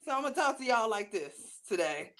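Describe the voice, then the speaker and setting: A woman co-hosting a casual music podcast, chatty and animated. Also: on the high side, fairly quick. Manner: chatty, animated, laughs often. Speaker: podcast co-host. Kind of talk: casual chat.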